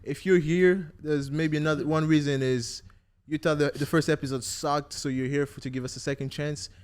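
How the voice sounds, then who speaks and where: A man hosting a casual football podcast chat, playful and quick to laugh. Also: on the high side, fairly even intonation, clean tone. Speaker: podcast host.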